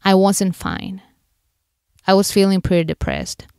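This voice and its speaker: Woman host, candid emotional storyteller, crisp tone, middle pitch. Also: huge pitch swings, a little slow, warm tone, no echo, clean studio sound. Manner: candid, emotional retelling with acted inner quotes. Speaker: podcast host. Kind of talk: personal storytelling.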